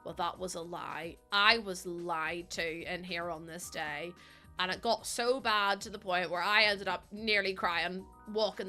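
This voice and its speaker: A woman's voice: on the low side, steady tone, measured pace, pushed and bright, soft background music. A pregnant woman, chatting casually and telling stories while streaming a game. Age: 20s. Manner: chatty storytelling with laughs and acted-out quotes.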